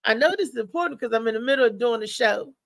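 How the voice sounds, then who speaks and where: A woman's voice: on the high side, lively intonation, fast talker, vocal fry, no echo, rough recording. A woman hosting a live show, chatting loosely and talking straight to her viewers. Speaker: host. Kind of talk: casual live show chat.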